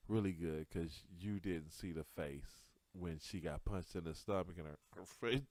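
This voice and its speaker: A man telling a comic story from his childhood, animated and profane, laughing through it and swinging between loud bursts and hushed asides. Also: deep voice, moderate pace, few pauses, no echo. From Detroit area. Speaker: comedian podcast host.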